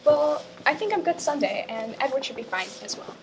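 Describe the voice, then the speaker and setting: A woman's voice: high-pitched, animated, fairly quick, noisy background. A young woman acting a hesitant, agreeable student in an amateur school skit. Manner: hesitant and agreeable, many fillers.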